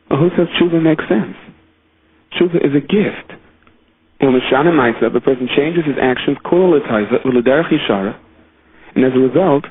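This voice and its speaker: A man giving an earnest, emphatic sermon, weaving Hebrew and Yiddish terms into his teaching. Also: on the high side. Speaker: rabbi giving a Torah talk. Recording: tinny phone-like line.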